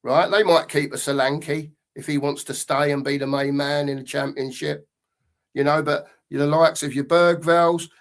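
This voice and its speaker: Male co-host, slightly high voice, rambling, thinks aloud. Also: fairly even intonation, normal speed. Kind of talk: casual football fan chat.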